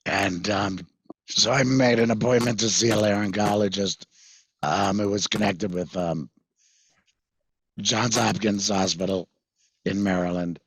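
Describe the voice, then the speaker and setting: Husky, very low-voiced man telling his story. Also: fairly even intonation, fairly bright tone, no echo. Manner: halting, many fillers and restarts. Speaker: guest, patient mentor. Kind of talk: recounting a personal story in conversation.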